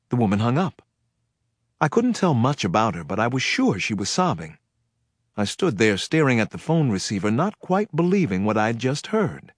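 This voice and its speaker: A man reads a first-person crime thriller in a measured, dramatic way. His voice is husky and moves around a lot in pitch. The recording is dry and close, with no room sound. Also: big pitch swings, dry recording. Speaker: audiobook narrator.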